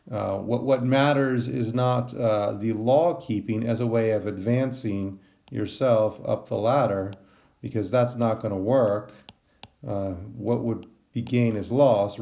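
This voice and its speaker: A man's voice: fairly low pitch, gravelly, warm tone. A man teaching a Greek translation lesson, thinking aloud with many ums and restarts. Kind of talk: recorded class lecture.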